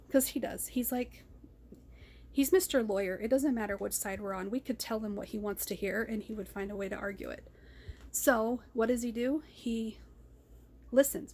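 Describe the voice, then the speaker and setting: A woman's voice: on the high side, steady tone, normal speed, a little mellow. A woman talking in a raw personal vlog, rambling and ranting, often repeating herself. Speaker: vlogger. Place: car.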